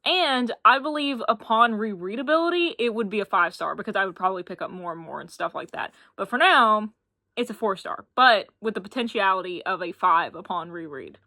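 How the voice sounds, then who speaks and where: A woman's voice: mid-range voice, lively intonation, fairly quick, sharp tone, no room sound, clean studio sound. A young woman from Appalachia, chatting casually and gushing about books in a reading vlog. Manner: chatty, gushing and self-deprecating. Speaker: book vlogger. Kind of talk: casual chat.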